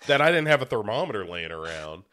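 Low, bright-voiced man in casual chat. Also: big pitch swings, quick pace. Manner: rambling, self-mocking, with many restarts. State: a little congested. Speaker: podcast co-host.

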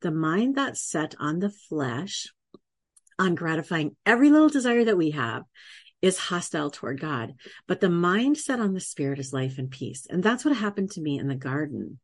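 A low-pitched middle-aged woman speaks as a podcast guest. She tells an earnest, faith-filled story from her own life with animated energy and frequent laughter. Her voice is recorded dry, with no room sound. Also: normal speed, no echo. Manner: animated, laughs often, acts out quoted voices; faith-based, earnest testimony. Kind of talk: conversational storytelling.

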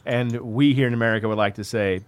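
A man co-hosting a podcast in a casual chat, trading deadpan jokes and mock outrage. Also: medium pitch, quick pace, clean tone, dry recording. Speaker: podcast co-host.

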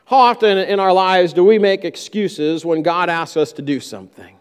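A man's voice: sits high, normal speed, smooth, in a large hall. A man preaching a sermon, who acts out the disciples' complaints in a raised voice. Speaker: pastor.

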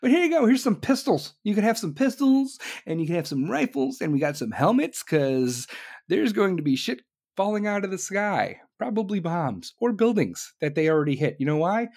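Profane, ranting man with a high voice. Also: very animated, moderate pace, darkish tone. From United States. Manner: angry, heavy swearing, sarcastic mocking asides. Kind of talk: profane political rant.

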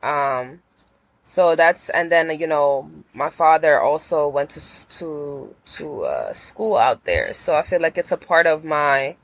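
A woman answering questions in a loose, friendly conversation. Her voice sits fairly low yet moves expressively, and she hedges with fillers while speaking easily. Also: animated, measured pace, dry recording, rough recording. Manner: easygoing, laughs readily, hedging fillers. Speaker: guest. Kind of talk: casual podcast chat.

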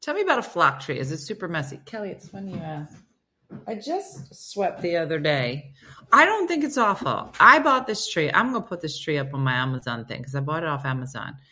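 A woman's voice: low-pitched, very animated, brisk, sharp tone. A woman hosting a casual live stream, chatting and storytelling as she reads viewer comments aloud and answers them. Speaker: host reading viewer comments.

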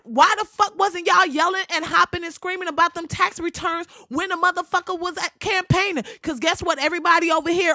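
A woman with a high voice tears into a heated comedic rant, blunt and slangy, swearing at every turn. Her voice is close and dry, with no room sound around it. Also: fairly bright tone, no echo.

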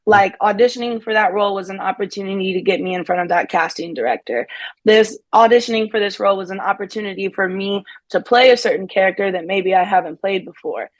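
A young adult actress talking casually in an interview, upbeat, laughing often and using lots of "like" fillers. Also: female voice, medium pitch, fast talker, no room sound. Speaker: guest actress.

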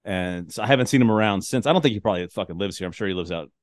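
A man hosting a casual podcast conversation, loose and profane, laughing easily between his points. His voice sits a little low. The sound is dry and close, with no room around it. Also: lively intonation, very fast, dry recording. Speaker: podcast host. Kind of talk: casual chat.

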